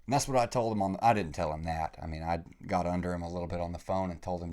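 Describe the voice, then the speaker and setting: A young man hosting a solo podcast, talking casually with lots of "dude" and "man", dropping to low mutters and then climbing to excited shouts. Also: quick pace, few pauses. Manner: casual, swears lightly, says "dude" and "man". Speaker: podcast host.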